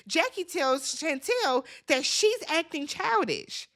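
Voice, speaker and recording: A woman's voice: fairly high pitch, lively intonation, normal speed, a bit bright. Chatty woman recapping reality TV. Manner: chatty retelling, quotes people in their voices, blunt swearing. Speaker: recap vlogger.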